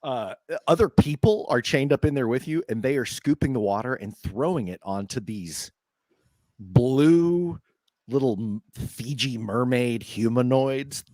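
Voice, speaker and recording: A man narrating as game master of a tabletop game, laughing often and talking in an unhurried way with fillers. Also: medium pitch, a little mellow, dry recording, studio quality.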